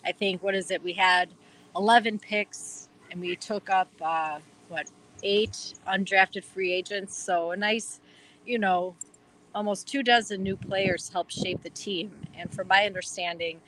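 A woman's voice: medium pitch, fairly even intonation, measured pace, fairly bright tone, slight background noise, rough recording. A woman with a Wisconsin accent, chatting eagerly as an interview guest, rambling with lots of fillers. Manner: enthusiastic, rambling with many fillers. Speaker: guest fan. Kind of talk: casual interview chat.

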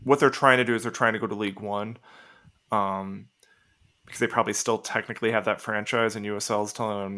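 Low-voiced man musing on a podcast. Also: steady tone, quick pace, pushed and bright. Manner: hesitant, restarts while reasoning aloud. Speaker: podcast co-host. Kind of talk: casual podcast banter.

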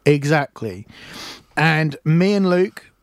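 Male radio host, slightly high voice, playful teasing patter, dry booth. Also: expressive, slow, no echo. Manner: teasing, jokey banter. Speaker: radio presenter. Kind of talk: casual radio chat. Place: radio studio.

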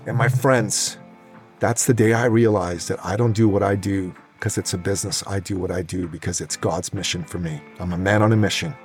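A man's voice: low-pitched, fairly even intonation, brisk, soft background music. A middle-aged man hosting a podcast, telling a motivational story in an emphatic, dramatic way. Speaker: podcast host.

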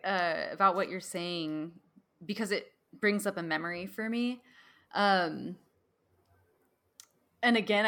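A woman's voice: lowish voice, fairly bright tone. Woman host rambling through a story, laughs a lot, lots of "like". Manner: chatty, laughs often, many "like"s. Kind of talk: casual conversational storytelling.

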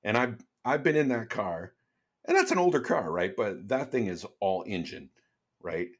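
A man with a low, husky voice co-hosting a podcast. He talks in a relaxed, easygoing way, and tells stories as if chatting with a friend. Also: moderate pace. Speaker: podcast co-host. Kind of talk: casual chat.

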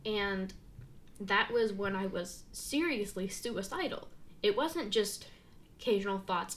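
A young woman speaking candidly in a casual conversation, halting and full of fillers and restarts. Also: medium pitch, expressive, a bit bright, a little hiss or hum. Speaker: guest sharing her story.

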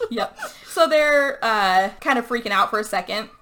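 Bright-voiced woman recapping a movie. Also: fairly high pitch, a little slow. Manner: animated storytelling with frequent likes and laughs. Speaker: podcast host. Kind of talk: casual movie recap chat.

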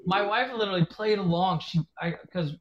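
A fairly high-voiced man hosts a casual podcast and spins a story with animated energy, breaking into laughter as he goes. The audio is dull and lo-fi. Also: brisk, crowd noise. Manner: animated storyteller who laughs between lines. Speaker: podcast host.

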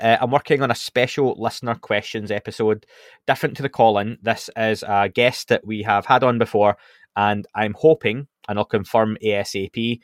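A man with a lowish voice hosts a podcast in an easy, chatty way. He fills pauses with ums and restarts his sentences. The sound is dry and close. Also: no echo. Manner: relaxed, chatty, with frequent fillers and restarts. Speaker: podcast host. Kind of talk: casual podcast chat.

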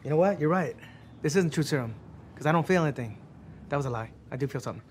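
An actor playing a chatty ex-con sidekick who rambles through long stories in a film. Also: male voice, fairly high pitch, expressive, fast, darkish tone, natural voice. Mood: rambling. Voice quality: rambling storyteller voicing everyone in his tales. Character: rambling, excitable man, a friendly small-time ex-con. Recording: film clip with music behind.

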